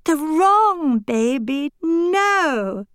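A woman doing an earnest, lively girl doll. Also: a little high, unhurried, dry recording, studio quality. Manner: exclamatory, earnest.

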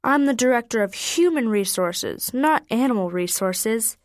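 A woman's voice: on the high side, lively intonation, a little slow, no room sound, studio quality. A woman voicing a harried man on the phone in a storybook reading. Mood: exasperated. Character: man on the phone, flustered office director.

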